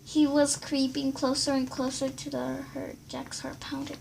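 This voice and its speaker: A woman reading a children's book aloud, stumbling and restarting now and then, in a creaky voice over steady background noise. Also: high-pitched, a little slow. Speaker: reader.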